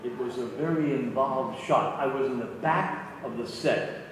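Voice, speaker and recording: A man's voice: mid-range voice, unhurried, noisy background. Older man telling stories in an echoing hall. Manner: animated storyteller, repeats words. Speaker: guest actor at fan convention. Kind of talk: storytelling Q&A anecdote. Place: convention hall. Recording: echoey hall from far off.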